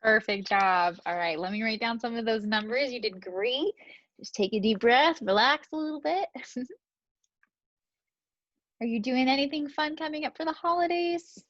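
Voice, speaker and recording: Higher-voiced woman as a gentle, encouraging speech clinician, over dry, dull video-call audio. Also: moderate pace, no echo. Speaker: student speech-language clinician. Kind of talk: clinical exam instructions.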